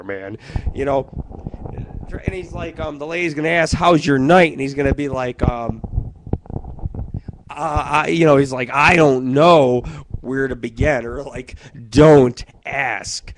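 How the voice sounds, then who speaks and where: A man hosting an internet radio show, telling stories in a profane, rambling way and jumping between loud outbursts and muttering. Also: a little high. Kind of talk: rambling live-stream monologue.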